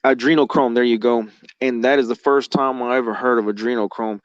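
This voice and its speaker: A man's voice: medium pitch, fairly even intonation, a little fast, no room sound, lo-fi sound. A man telling his own story as a guest, rambling and emotional, swearing heavily and filling gaps with "like". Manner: heavy swearing, rambling, emotional, with lots of fillers like "like". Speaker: guest recounting experiences. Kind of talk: casual spoken storytelling.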